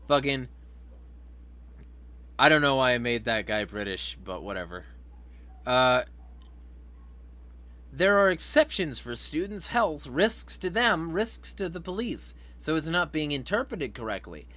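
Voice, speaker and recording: This livestream host has a fairly high, sharp, very animated voice, yet he speaks unhurriedly with long pauses. Casual and profane, he laughs a lot and reads viewers' comments aloud.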